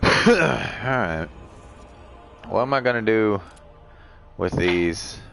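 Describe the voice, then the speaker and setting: A man with a slightly low voice chats loosely while streaming a game, joking and rambling through his thoughts. Soft game music runs behind him. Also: expressive, very slow, vocal fry. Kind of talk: casual gameplay chat.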